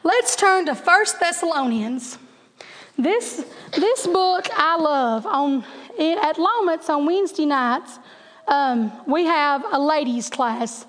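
Very high-voiced woman telling stories. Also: takes it slowly, in a large hall. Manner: animated, chatty storytelling with laughing asides. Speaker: Bible class teacher. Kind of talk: storytelling Bible lesson.

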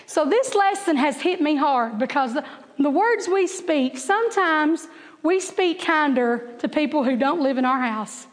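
A middle-aged woman, teaching a Bible class through chatty, animated stories with laughing asides. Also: high voice, unhurried, long reverb tail. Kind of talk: storytelling Bible lesson.

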